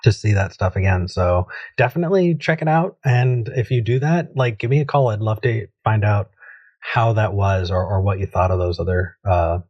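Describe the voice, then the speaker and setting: A man's voice: on the low side, normal speed, dull audio. A man hosting a call-in show, giving easygoing advice and thinking aloud with frequent restarts.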